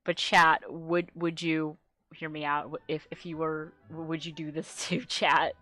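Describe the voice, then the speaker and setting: Bright-voiced giggly woman streamer. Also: low voice, little pitch movement, measured pace, soft background music. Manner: giggly, rambling, swears casually. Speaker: streamer reading her own webcomic. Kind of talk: casual live-stream commentary.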